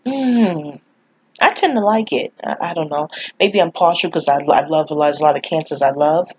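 Husky New woman, rambling and candid. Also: deep voice, moderate pace, darkish tone. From New York. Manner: candid, profane, rambling storyteller who laughs often. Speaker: astrology vlogger. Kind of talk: casual spoken monologue. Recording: dull lo-fi audio.

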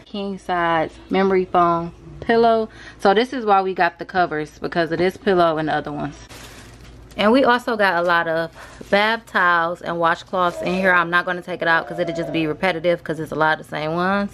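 A young woman talking casually through a shopping haul vlog, addressing viewers as y'all, rushed and a bit out of breath. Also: lowish voice, a bit bright. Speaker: vlogger.

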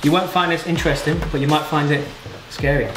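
A man's voice: fairly high pitch, steady tone, a little fast. A young man cooking as a guest, with playful, slangy showman banter. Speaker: guest cook. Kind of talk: casual chat. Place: home kitchen. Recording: echoey kitchen over loud music.

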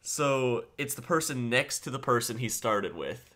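Podcast co-host, male, bright forward tone, relaxed storyteller who laughs a lot. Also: medium pitch, measured pace. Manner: laughs often, animated storytelling. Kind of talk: casual chat, storytelling.

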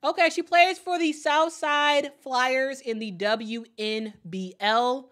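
Bright, excitable woman stream host. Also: high voice, slow pace. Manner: chatty and excitable, repeats her phrases; reads viewer comments aloud. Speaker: host of a draft watch party stream. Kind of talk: casual live commentary.

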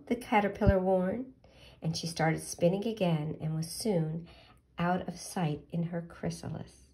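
A woman reading a picture book aloud to children, gently asking them questions about the pictures. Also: lowish voice, steady tone, unhurried.

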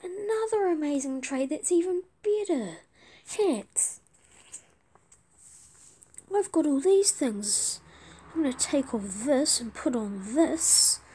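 Casual gaming host, woman, chatty and excitable, high voice with a soft, dark tone. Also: takes it slowly, pauses often. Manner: excitable, chatty, pleading for trades. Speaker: gaming video creator. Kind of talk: casual let's-play commentary.

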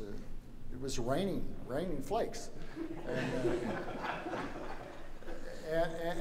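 A man lectures in a wry, joking manner, slipping "you know" in between his points. His voice sits a little high for a man. The sound carries a long echo from a lecture hall, with faint noise underneath. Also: darkish tone. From Louisiana. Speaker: lecturer at a summer seminar. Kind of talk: anecdotal lecture.

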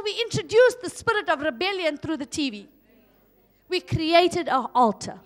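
A woman from South Africa preaching a sermon, swinging from loud exhortation to hushed asides. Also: very high-pitched. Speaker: pastor.

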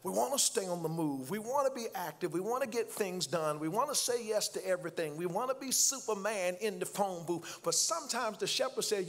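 A man preaching a sermon, calling for responses from the congregation and rising to shouts. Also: high voice, lively intonation, fairly quick, hardly any pauses. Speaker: pastor. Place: church.

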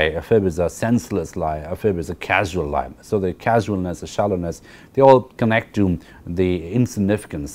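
A little mellow and low-pitched, this man's voice carries a university lecture on literature. He explains things at length, says key phrases more than once, and often turns to the class with "right?"

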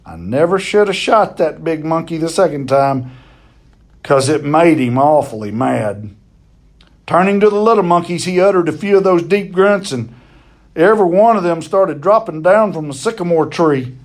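A man's voice: fairly high pitch, lively intonation, normal speed. A man reading a novel chapter aloud, telling it expressively and now and then stumbling and repeating a word.

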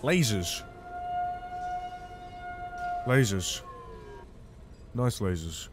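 A man commentating a horror game playthrough, swinging from quiet muttering to panicked shouts. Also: medium pitch, big pitch swings, measured pace, long pauses, a little hiss or hum. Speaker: gaming video host.

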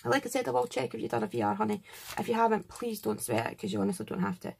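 Speaking very fast in a fairly high, gravelly voice with a steady tone, this Scottish craft-channel host unboxes presents on camera. She's chatty and effusive, gushing over each gift and thanking every sender warmly. Slight background noise is audible.

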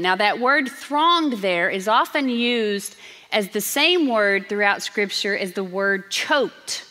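Woman, pastor, emphatic sermon delivery, clear bright tone, long church reverb. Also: mid-range voice, animated. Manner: earnest, emphatic preaching with slow stressed phrases. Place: church sanctuary.

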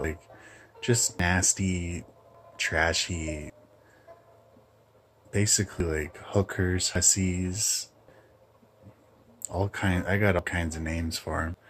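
A man hosting his own channel, ranting bluntly in a casual, halting monologue. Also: low voice, fairly even intonation, a little hiss or hum. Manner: blunt, opinionated, halting with restarts. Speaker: channel host.

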